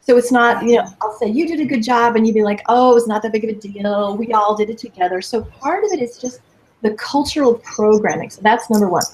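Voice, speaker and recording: Guest coach, woman in her fifties, emphatic, conversational, energetic delivery. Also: a little high, fairly quick. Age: 50s. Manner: lively, emphatic, quotes people in playful voices. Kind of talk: casual interview chat.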